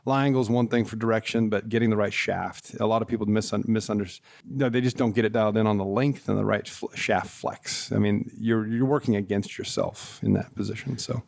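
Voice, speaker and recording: A man's voice: lowish voice, fairly even intonation, fairly quick, gravelly, darkish tone. A man, a golf equipment tour rep, guesting on a casual podcast and telling rambling stories with fillers and frequent laughter.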